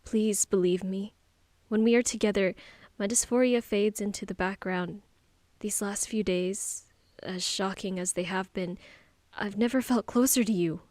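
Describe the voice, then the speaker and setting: A woman's voice: medium pitch, fairly even intonation, unhurried, darkish tone, no room sound, close to an everyday voice. A woman voicing an anguished, tearful young trans man confessing to his boyfriend in an audiobook. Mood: pleading. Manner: emotional, pleading and tearful.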